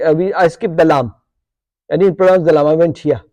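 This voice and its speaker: A man's voice: a little high, steady tone, a little fast, warm tone, dull audio. A man teaching an Arabic grammar lesson to a live class, quizzing students and checking in with "okay?" and "yeah?" as he goes. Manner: corrects his own slips aloud.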